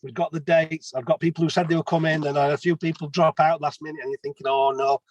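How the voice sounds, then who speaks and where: A man's voice: fairly high pitch, fairly even intonation, fast talker, muffled recording. A man, a plumber telling stories as a guest in a casual interview. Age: 50s. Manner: chatty storyteller, many restarts.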